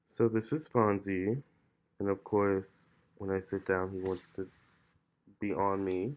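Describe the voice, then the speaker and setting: A man's voice: low-pitched, takes it slowly. A man who reads tarot, talking casually at home with loose fillers, recorded on a laptop or camera mic. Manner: relaxed, loose, full of "like" and "you know". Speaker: tarot reader and vlogger. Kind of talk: casual vlog talk. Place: his home, with a cat nearby.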